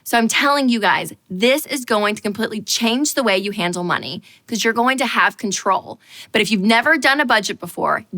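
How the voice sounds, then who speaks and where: A woman hosting a show, telling a personal story in a lively, self-mocking way with lots of fillers. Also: fairly high pitch. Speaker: host.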